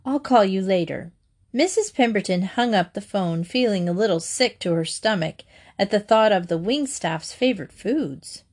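A woman narrating a children's storybook aloud in a gentle, even manner. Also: medium pitch, normal speed.

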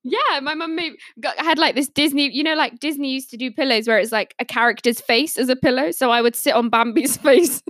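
Giggly young woman, higher voice. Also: a little fast, hardly any pauses, a bit bright, dry recording, studio quality. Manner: giggly, laughs often while telling stories. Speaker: podcast panelist. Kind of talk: casual storytelling.

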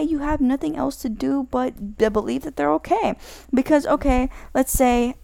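A woman's voice: sits high, animated, normal speed, creaky, dry recording. A woman giving casual spoken advice in a rambling way, correcting herself often and filling her talk with "like". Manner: rambling, self-correcting, many "like" fillers.

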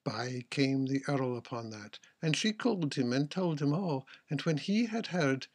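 A man narrating an old-fashioned folk tale in a measured storytelling manner. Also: medium pitch, animated. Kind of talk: storybook reading.

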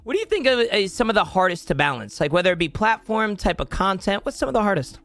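A young man hosts a laid-back talk with a guest, his voice a touch high for a man. He is recorded dry and close, and he agrees readily and wanders into long tangents. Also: very animated, quick pace, fairly bright tone, no room sound, faint music behind. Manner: upbeat, agreeable, rambling. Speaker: podcast host. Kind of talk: casual chat.

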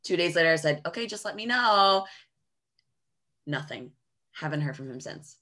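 A young woman co-hosting a podcast, telling a dating story in casual chat, lively and full of fillers. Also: sits low, normal speed. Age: 20s. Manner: animated storytelling, filler-heavy. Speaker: podcast co-host.

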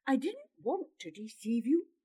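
A woman voicing an earnest, apologetic young boy who speaks quietly and pleads. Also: high voice, sing-song, measured pace, husky, voice pushed up, full character voice. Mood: pleading.

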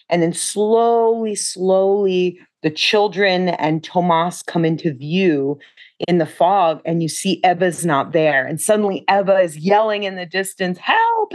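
A young woman talks through a film with a co-host, her voice sitting a little low. She retells scenes in a chatty, animated way and acts out bits of dialogue as she goes. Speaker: podcast co-host. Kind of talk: casual film discussion.

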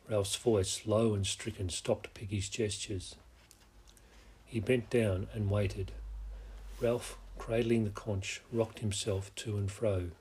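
A man narrating a novel as an audiobook, in a measured, steady way. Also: lowish voice, a little hiss or hum.

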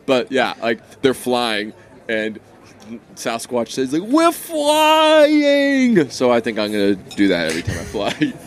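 A man co-hosting a podcast, talking in loose, casual chat. He swears constantly and wanders through animated, rambling stories. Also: fairly low pitch, normal speed. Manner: profane, rambling, animated storyteller. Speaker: podcast co-host.

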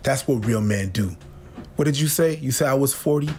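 A man co-hosting a podcast delivers heated commentary in blunt, confrontational bursts of short, punchy lines. His voice is medium-pitched, brisk, and a little mellow.

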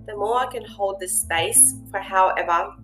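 A woman's voice: medium pitch, moderate pace, fairly bright tone, faint music behind. Earnest woman musing on parenting. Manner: earnest, reflective, lots of fillers. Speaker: host. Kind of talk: casual monologue on parenting.

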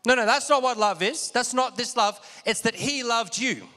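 His voice pitched extremely high, pushed and bright, a pastor preaches at a moderate pace with great energy. He asks the congregation to echo him, and the sound rings with long hall reverb.

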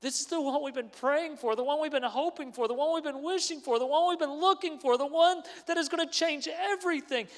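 Fervent fisherman's wife voiced by a man, impassioned, high voice, long reverb. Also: expressive, slow pace, creaky, fairly bright tone, exaggerated voice. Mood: elated, insistent. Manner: rising, impassioned pleading.

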